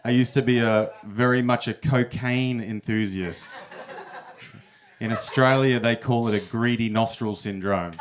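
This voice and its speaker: A man's voice: mid-range voice, fairly even intonation, unhurried, a crowd in the background. A young man telling stories in a stand-up set at a comedy club, often chuckling at his own punchlines.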